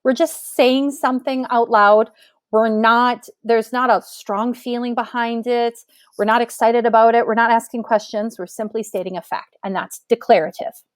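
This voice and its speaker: A woman teacher with a fairly high voice explains a grammar lesson clearly and patiently. Each point gets a spoken example. She is recorded close on a dry mic with no room sound. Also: steady tone, moderate pace, dry recording.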